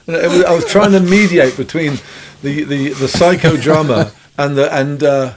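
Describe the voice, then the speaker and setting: A man, a guest musician, telling long rambling stories in a relaxed, chuckling way. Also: fairly high pitch, normal speed, few pauses, a little hiss or hum. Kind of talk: anecdotal storytelling.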